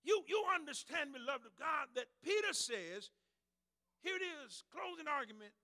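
A man preaching a sermon in a shouted, whooping style with rising cries. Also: very high voice, big pitch swings, normal speed.

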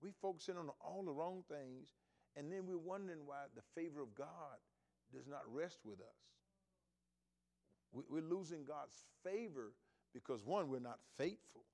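A man preaching a sermon to his congregation, moving between loud emphatic points and quiet asides, with folksy storytelling and repeated phrases. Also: on the high side, normal speed, gravelly. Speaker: pastor.

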